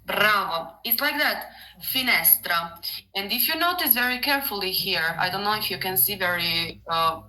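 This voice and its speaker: A woman's voice: mid-range voice, moderate pace, few pauses, sharp tone, low-quality recording. A woman with an Italian accent, a native Italian speaker, patiently teaching and correcting pronunciation in a casual online lesson. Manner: patient, correcting, explains with hesitant English. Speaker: Italian tutor.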